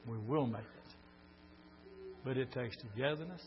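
An older man preaching a sermon, telling folksy stories and swinging from quiet talk to shouts. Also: mid-range voice, normal speed, long pauses. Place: church meeting. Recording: dull lo-fi recording with mains hum.

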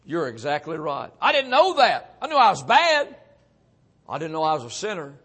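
A middle-aged man preaching, telling his own testimony earnestly and often dropping to a hushed voice. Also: high voice, wildly swooping pitch, moderate pace, slightly rough. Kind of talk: sermon testimony.

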